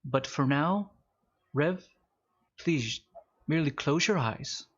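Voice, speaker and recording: A man voicing a calm male mystic who slowly guides someone into a trance, with a soft, soothing delivery over a dull, lo-fi mic. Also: fairly high pitch, exaggerated voice. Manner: soft, slow, soothing hypnotic guidance.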